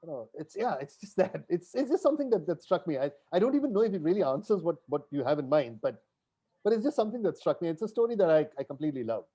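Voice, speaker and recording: A podcast guest retelling a parable in relaxed conversational storytelling, reflective and unhurried. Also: mid-range voice, husky.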